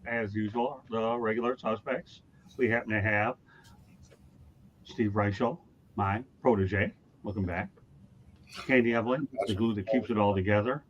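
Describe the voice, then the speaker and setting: A man hosting a sports talk show, loud and high-energy, shouting with excitement. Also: normal speed, pauses often, slight background noise. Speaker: show host. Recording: dull lo-fi sound.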